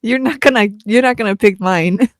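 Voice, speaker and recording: Animated woman co-hosting a podcast. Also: a little high, no room sound. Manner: animated, laughing, quick asides. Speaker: podcast co-host. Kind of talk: casual chat.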